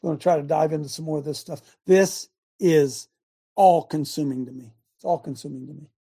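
Male host, fiery sermon-style monologue, shouts for emphasis. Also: a little high, steady tone, a little fast, gravelly, slightly rough. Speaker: talk show host. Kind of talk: preaching talk show monologue.

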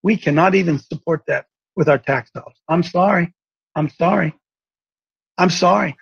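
A man preaching an impassioned sermon, swinging between shouted declarations and quieter, lower asides. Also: normal speed, creaky, slightly rough. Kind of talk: fiery sermon. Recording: dull lo-fi recording.

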